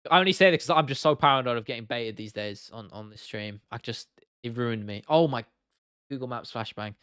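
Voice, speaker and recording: A man's voice: medium pitch, brisk, a bit bright, clear, resonant tone, no room sound, studio quality. Casual English man chatting on stream. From England. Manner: casual and chatty, swears freely, reads chat aloud. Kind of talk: casual live stream chat.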